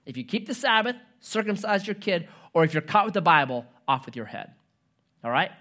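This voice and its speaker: A man preaching a sermon, telling a story in a conversational, animated way with humorous asides. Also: high voice, fairly quick. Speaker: pastor.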